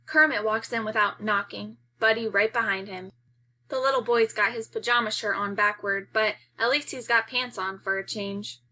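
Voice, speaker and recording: A woman reading a children's novel aloud as narrator, raising her voice for the shouted lines. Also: medium pitch, fairly even intonation, moderate pace. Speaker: reader.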